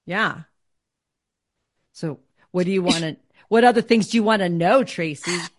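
Candid woman, slightly low voice. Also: measured pace. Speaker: author guest. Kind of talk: casual chat.

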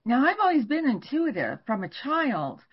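An older woman, a guest astrologer, telling stories in an animated way and laughing now and then during a podcast interview. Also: high voice, normal speed, slightly rough. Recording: dull lo-fi recording.

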